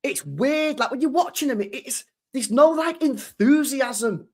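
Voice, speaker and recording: A young man reacting live to a football match on his stream, excitable and sweary, repeating his lines. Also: extremely high pitch, a little slow.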